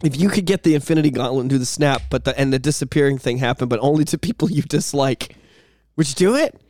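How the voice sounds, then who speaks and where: A man co-hosting a casual podcast, animated and profane, acting out shouted bits in comic stories. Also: medium pitch, quick pace, no room sound. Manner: animated, swearing, acts out loud shouted bits. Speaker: podcast co-host. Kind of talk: casual chat. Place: small home studio.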